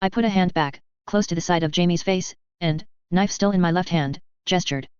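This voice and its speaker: A woman narrating a novel in the first person, with steady, tense storytelling. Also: on the low side, normal speed, clean tone, no room sound. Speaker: audiobook narrator. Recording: slightly dull, dry close recording.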